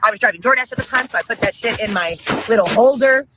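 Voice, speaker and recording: A woman telling a long profane story in an excitable livestream rant. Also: a little high, quick pace, noisy background. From Chicago area, Illinois. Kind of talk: ranting livestream monologue.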